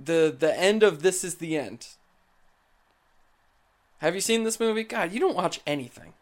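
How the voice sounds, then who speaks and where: Teasing young man, slightly high voice. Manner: teasing, animated, quick laughs. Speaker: podcast host. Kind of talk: casual chat.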